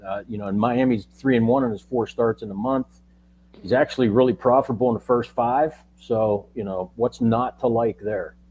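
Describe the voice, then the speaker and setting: A man's voice: medium pitch, steady tone, moderate pace, darkish tone, muffled recording, slight background noise. A man co-hosting a sports betting show as its coach, laid-back and full of fillers. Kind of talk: casual sports betting chat.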